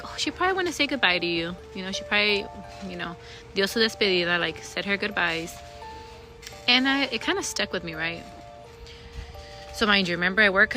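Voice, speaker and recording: A young woman with a mid-range voice tells a personal ghost story in a casual, rambling way, swearing often and packing in lots of fillers. The recording is low quality.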